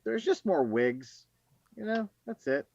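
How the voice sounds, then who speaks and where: A man hosting a casual online chat, relaxed and joking. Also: high-pitched, slow, creaky, lo-fi sound. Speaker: host.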